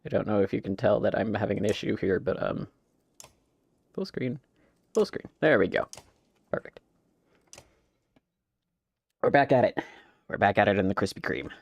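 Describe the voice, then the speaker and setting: A man's voice: fairly low pitch, normal speed, creaky, pauses often, slightly rough, dull audio. A man chatting casually and jokingly while live-streaming a video game. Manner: chatty, jokey, talks to his pet.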